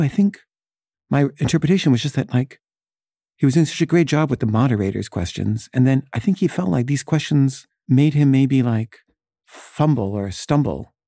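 A man's voice: mid-range voice, dark tone, no room sound, clean studio sound. A man casually telling a personal story, full of "like" and "you know" fillers. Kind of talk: casual anecdote. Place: San Francisco resident in the past, not now.

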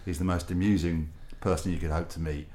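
A man's voice: sits low, fairly even intonation, fairly quick, dark tone. An older man, a guest telling wry, self-deprecating stories with rambling asides. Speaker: guest, former football broadcaster. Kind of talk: anecdotal storytelling.

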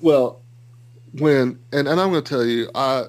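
A man from the US South with a Southern accent, co-hosting a podcast and chatting casually with animated, joking complaints. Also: mid-range voice, measured pace, rough recording. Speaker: podcast co-host. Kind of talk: casual chat.

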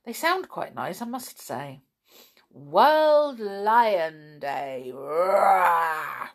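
A woman's voice: mid-range voice, sing-song, very slow. A woman hosting a children's podcast, chatting playfully to young listeners with lots of exclamations.

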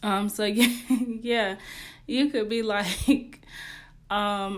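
A woman's voice: medium pitch, fairly even intonation, very slow, fairly bright tone. A young woman hosting a podcast, giving casual relationship advice in a candid, slangy way and laughing often. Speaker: podcast host.

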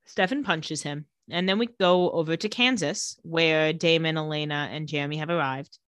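A woman's voice: low-pitched, clear, resonant tone, no echo, studio quality. A woman co-hosting a casual podcast, retelling a TV episode and acting out the characters' lines. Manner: lively storytelling, acting out lines in quick voices. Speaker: podcast co-host recapping a TV episode. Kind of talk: casual chat.

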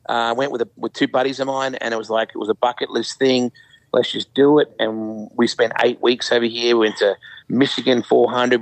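A man's voice: medium pitch, creaky, dry recording, low-quality recording. An Australian man in his fifties, a guest in a casual interview, telling stories with lots of fillers. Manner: animated storyteller, frequent fillers.

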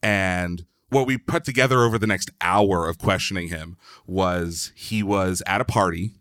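A man's voice: low-pitched, moderate pace, fairly bright tone, dry recording, clean studio sound. A man from Philadelphia, a podcast guest, telling a long story in a loose, chatty way, full of "like" and the odd swear word. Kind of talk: casual storytelling.

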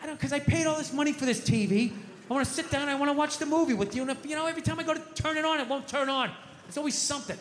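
A man in his thirties doing stand-up storytelling, profane and animated, bursting into shouted rants. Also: very high-pitched, fast talker. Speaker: stand-up comedian. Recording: echoey hall with faint noise.

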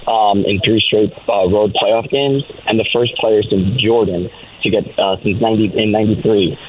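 A man calling in from a train, chatty and casual, his voice hoarse. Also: lowish voice, steady tone, normal speed. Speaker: caller. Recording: phone line with faint noise.

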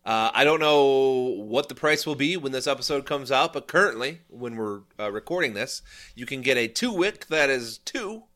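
Brief: male co-host with a bright, forward tone, loose and rambling, lots of restarts. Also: mid-range voice, lively intonation, normal speed. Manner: rambling, full of restarts and chuckles. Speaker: podcast co-host. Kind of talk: casual chat.

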